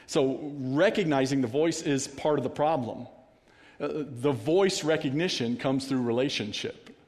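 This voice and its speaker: A man's voice: medium pitch, a little mellow. Man preaching in a reverberant church. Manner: earnest, repeats key phrases for emphasis. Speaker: pastor. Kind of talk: sermon. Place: church sanctuary. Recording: long hall reverb.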